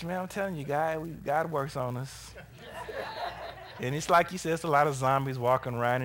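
A man preaching a sermon who swings between hushed, low passages and loud, shouted exhortation, often laughing between phrases.

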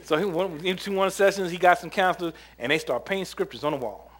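A man preaching a sermon, telling camp stories in an animated way, often laughing and acting out what people said. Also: high voice, quick pace. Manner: animated storyteller, laughs often, acts out quotes. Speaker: preacher and former camp counselor.

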